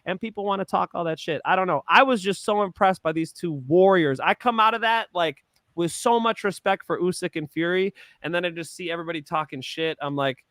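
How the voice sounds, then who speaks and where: A man co-hosting a casual sports betting podcast, animated and swearing freely. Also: high-pitched, a little fast, dry recording. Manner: animated, swearing, rising emotion. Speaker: co-host of a betting picks show.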